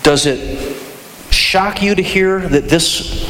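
A man pastor preaching a sermon, telling stories in an animated way with restarts and side remarks. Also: high voice, takes it slowly, slight background noise. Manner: animated storytelling with restarts and asides. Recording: long hall reverb, faint ambience.

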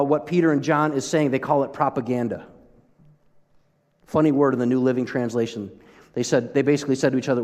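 A man's voice: on the high side, darkish tone. Man preaching in a reverberant hall. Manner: conversational, asks the audience questions. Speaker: pastor. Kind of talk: sermon.

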